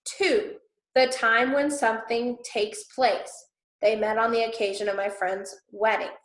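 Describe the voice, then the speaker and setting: A woman's voice: fairly high pitch, fairly even intonation, a little slow. A woman teacher giving patient, step-by-step instructions to students, often checking in with "okay?". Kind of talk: classroom instruction recorded for students. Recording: echoey room.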